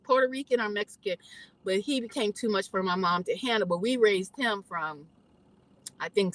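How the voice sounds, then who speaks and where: A middle-aged woman vlogging a heated monologue straight to her viewers, preachy and fierce, swinging between shouted outbursts and quieter asides. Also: medium pitch, dry recording, rough recording. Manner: fiery, preachy, talks straight to the audience.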